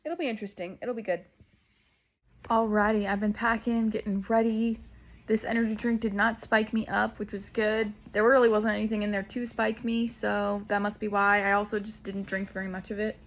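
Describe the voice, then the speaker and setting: A woman's voice: medium pitch, little pitch movement, moderate pace. A woman from Southern California, chatting casually to the camera at home while she packs, rambling with lots of "like" and "um.". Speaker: vlogger.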